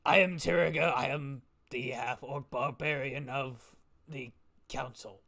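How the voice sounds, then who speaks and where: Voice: mid-range voice, steady tone, measured pace, creaky, fairly bright tone, dry recording. A game master voicing an old male half-orc barbarian who coughs, trails off, and calls people darling. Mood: weary. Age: older.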